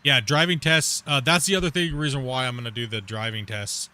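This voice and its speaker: A man's voice: mid-range voice, fairly even intonation, brisk, bright, forceful tone. A man from Canada streaming a game and chatting casually, rambling with many fillers and restarts. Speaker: streamer host. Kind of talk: casual chat while gaming.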